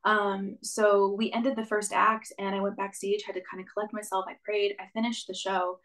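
A woman's voice: mid-range voice, little pitch movement, normal speed, a bit bright, rough recording. A young woman, a stage actress, telling her story as a guest in an interview, earnest and reflective, with frequent "like" and "um". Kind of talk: conversational interview.

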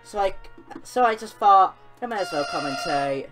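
A young woman commenting on a horror game she is playing, excitable and often yelling at the characters on screen. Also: mid-range voice, moderate pace, soft background music. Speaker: gaming channel host. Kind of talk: let's-play commentary.

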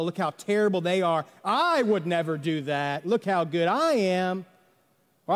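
A male pastor, preaching a conversational sermon full of rhetorical questions and quoted voices. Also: high voice. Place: church sanctuary. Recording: reverberant church sanctuary.

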